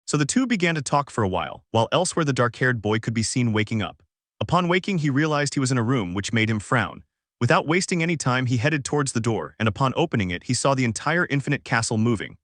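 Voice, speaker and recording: A man narrating fan fiction in scripted narration with a flat, even reading voice on a close, dry mic. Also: medium pitch, fast talker, no room sound. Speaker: fanfic narrator.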